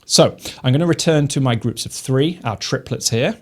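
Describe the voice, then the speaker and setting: A man teaching snare drum technique, explaining each step calmly and methodically. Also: mid-range voice, moderate pace, heavy background noise. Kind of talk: instructional explanation.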